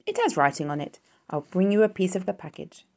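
A woman voicing a grumbling, greedy male rat in a storybook reading, gruff and put-upon. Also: lowish voice, sing-song, a little fast, a little mellow.

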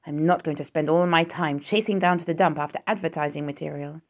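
A woman voicing a grumbling, greedy male rat in a storybook reading, gruff and put-upon. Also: low-pitched, steady tone, brisk.

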